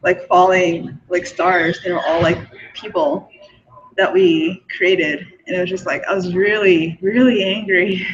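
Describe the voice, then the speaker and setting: With a fairly low, unhurried voice, a young forum host chats casually about her spiritual beliefs, giggling often and using many fillers. It's a solo monologue in a dull lo-fi recording.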